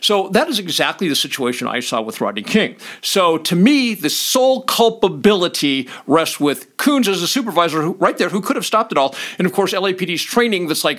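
A middle-aged former cop tells stories in a blunt, animated voice that swings up and down a lot. He sits a little higher than most men, swears freely and now and then acts out shouted commands. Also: brisk, few pauses. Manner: blunt, swears freely, laughs between points. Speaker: former police officer. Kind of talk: casual storytelling monologue.

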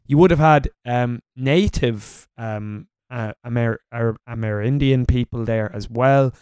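A man co-hosting a history podcast, talking casually in a relaxed, rambling way with plenty of fillers. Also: medium pitch, measured pace, clear, resonant tone, no room sound. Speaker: podcast co-host.

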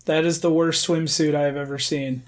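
A man's voice: on the high side, level tone, moderate pace. A man co-hosting a podcast, giving casual commentary on a movie with dry, observational remarks. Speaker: podcast co-host.

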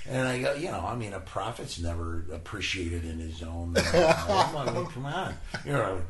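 Animated low-voiced male storyteller. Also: normal speed, crowd noise. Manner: animated storyteller, laughs often, acts out voices. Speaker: guest. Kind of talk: anecdotal interview talk. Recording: echoey room with faint noise.

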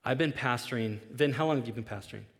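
Earnest pastor preaching in a hall. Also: male voice, mid-range voice, fast, fairly bright tone. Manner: earnest storytelling, rising in intensity with repeated restarts. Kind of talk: sermon. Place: large church hall. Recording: long hall reverb.

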